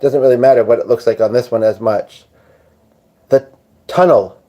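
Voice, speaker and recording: A man hosting a late live stream, tired and rambling as he answers viewers and cracks small jokes. His voice is mellow and dark. The sound is dull and lo-fi. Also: mid-range voice, normal speed, long pauses. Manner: rambling, jokey, chatty with viewers. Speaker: livestream host. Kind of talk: casual live-stream chat reading comments.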